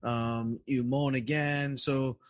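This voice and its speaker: Slow-spoken man adding grammar terms. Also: medium pitch, level tone, dry recording. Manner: measured, adds technical terms and examples. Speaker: Greek grammar podcast co-host. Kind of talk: casual teaching chat.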